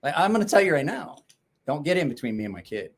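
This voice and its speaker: A man's voice: on the high side, very animated, fast. A middle-aged man hosting a casual livestream chat, blunt and rambling, swearing freely. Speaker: knife-sharpening channel host.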